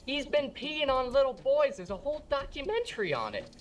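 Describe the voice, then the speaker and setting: A man doing a shrill, worried mom. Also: sing-song, a little fast, muffled recording, a little hiss or hum. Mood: alarmed. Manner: high-pitched, insistent. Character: worried blunt mother scolding her grown son.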